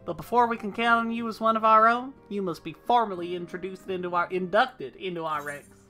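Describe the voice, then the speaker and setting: A woman's voice: medium pitch, brisk, bright, forceful tone, faint music behind, natural voice. A woman voicing a formal, courteous male officer of a knightly order in a video game, reading stately.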